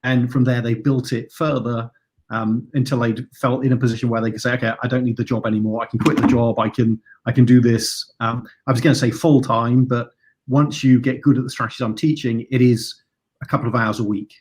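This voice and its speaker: A man's voice: mid-range voice, little pitch movement, a little fast, a little mellow. A man being interviewed as a trading coach over a video call, speaking hesitantly and repeating words.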